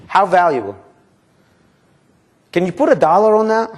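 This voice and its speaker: A man leading a live sales training seminar, quizzing his audience and acting out sample calls to customers and banks. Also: normal speed. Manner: energetic, quizzes the audience with questions; acts out sample phone calls and pitches.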